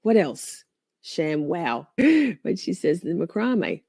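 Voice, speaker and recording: Chatting with her viewers as she comments on a trial, this livestream host speaks in a lowish, sing-song voice that is mellow and slightly rough, at a slow pace. She is playful, mock-offended, and quick to laugh, in a dry, studio-quality recording.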